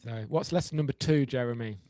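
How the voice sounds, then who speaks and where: Wry man co-hosting a podcast, mid-pitched, reads an essay and jokes, dry close sound. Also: fairly quick, mellow, no room sound. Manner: wry, jokey, reads then riffs. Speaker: podcast co-host. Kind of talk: casual chat reading an essay.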